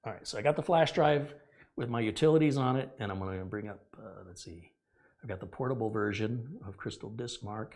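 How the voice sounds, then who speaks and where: On his tech channel, a middle-aged man gives an informal computer repair tutorial at a brisk clip, his voice low-ish and a little mellow. He's earnest but rambling, correcting himself as he goes.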